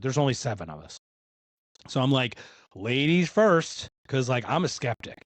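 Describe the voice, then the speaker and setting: Man from Philadelphia, mid-pitch, dry close sound, chatty and animated storyteller. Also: normal speed, no echo. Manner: animated, acts out other people's lines. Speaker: podcast guest. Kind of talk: casual storytelling.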